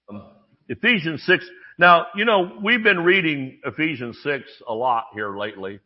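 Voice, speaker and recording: A man preaches with lively storytelling, acting out voices and dropping jokes along the way. His voice sits a little high for a man. The recording sounds dull and lo-fi, like archived church audio. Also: measured pace, husky. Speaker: pastor. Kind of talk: sermon.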